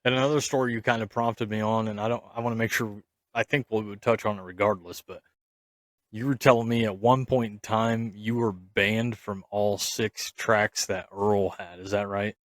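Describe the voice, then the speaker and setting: A man's voice: fairly low pitch, fairly even intonation, normal speed, no room sound, studio quality. A man co-hosting a podcast, asking a guest questions in a hesitant, loosely phrased way. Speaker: podcast co-host. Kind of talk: casual interview chat.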